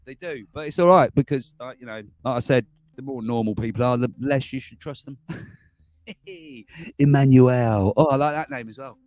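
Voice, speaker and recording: A man's voice: mid-range voice, moderate pace, darkish tone, no room sound. A man hosting a casual livestream, rambling and chuckling as he reads out viewer comments. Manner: chuckling, rambling, self-mocking. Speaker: livestream host.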